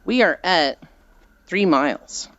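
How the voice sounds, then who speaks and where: A woman's voice: lowish voice, animated, slow pace, fairly bright tone, dry recording, dull audio. A woman streamer chatting casually and rambling with frequent giggles while she walks. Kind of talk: casual chat while walking.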